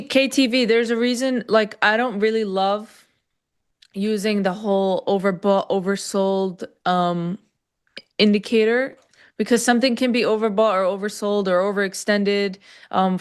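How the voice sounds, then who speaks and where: A woman's voice: mid-range voice, steady tone, normal speed, smooth. Chatty woman co-host, loose and filler-heavy. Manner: loose, filler-heavy, talks to chat viewers. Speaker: trading stream co-host. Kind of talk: casual live-stream chat.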